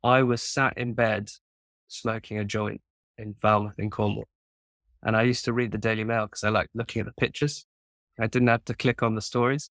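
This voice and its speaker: Young songwriter with a posh English accent; friendly, casual interviewer, lowish voice, dry sound. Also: male voice, flat delivery, normal speed, a bit bright, no room sound. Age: young adult. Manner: friendly, chatty storyteller. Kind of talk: casual chat.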